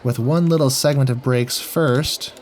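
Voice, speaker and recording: A man's voice: medium pitch, a little slow, background noise. A man giving goofy, jokey gameplay commentary while talking to himself as he plays. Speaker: gaming video host.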